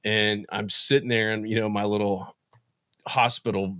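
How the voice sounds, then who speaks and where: A man guest in a casual interview, telling a heartfelt personal story in an earnest, emotional way, often halting and restarting his sentences. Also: fairly low pitch, little pitch movement, fairly bright tone, no room sound, clean studio sound. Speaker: podcast guest, business founder.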